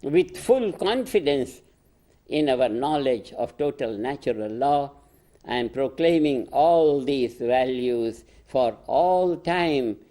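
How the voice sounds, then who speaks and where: An older man with an Indian accent, speaking as a spiritual teacher in a slow, emphatic address, repeating key phrases and laughing softly between points. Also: mid-range voice, lively intonation. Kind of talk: proclamatory address.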